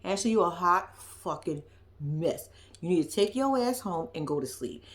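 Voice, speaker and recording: A woman's voice: on the low side, expressive, normal speed. A woman recapping a reality show episode for her viewers, blunt and profane, calling out the people on screen. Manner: blunt, profane, sassy, talks straight to viewers. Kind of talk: casual recap commentary.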